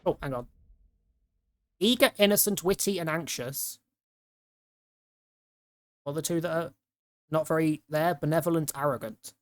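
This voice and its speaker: A man's voice: fairly high pitch, normal speed, pauses often. A man streaming a horror game, commenting casually and laughing often. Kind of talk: let's play commentary.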